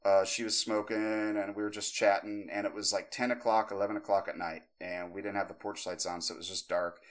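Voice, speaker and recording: Animated and a little quick, a thirtysomething man with a low-leaning voice co-hosts a podcast and spins a lengthy story. It's full of fillers and restarts, and he performs the different characters' voices himself.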